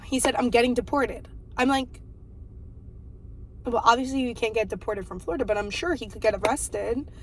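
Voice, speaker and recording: A woman's voice: on the high side, moderate pace, long pauses, fairly bright tone, poor audio. A woman of twenty-eight, telling a rambling story in casual vlog chat, full of likes and ums. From New Jersey. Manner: chatty, rambling, lots of "like" and "um". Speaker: vlogger.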